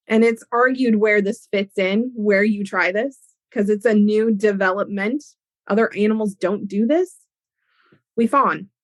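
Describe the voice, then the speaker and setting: A woman with a fairly high voice teaches on her podcast, walking listeners through ideas with lively, everyday examples. The sound is close and dry, with no room around her. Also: dry recording. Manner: animated, explains with everyday examples. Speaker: podcast host and educator.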